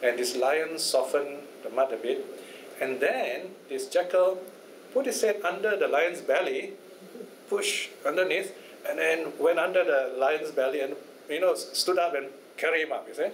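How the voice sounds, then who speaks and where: A man's voice: on the high side, normal speed. A Buddhist teacher telling a fable to a study class, chatty and often checking in with his listeners. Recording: echoey room, faint noise.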